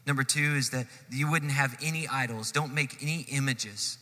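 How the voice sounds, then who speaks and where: A man preaching a sermon, telling a story with animated swells and sudden drops in loudness. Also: mid-range voice, moderate pace, long reverb tail. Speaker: pastor.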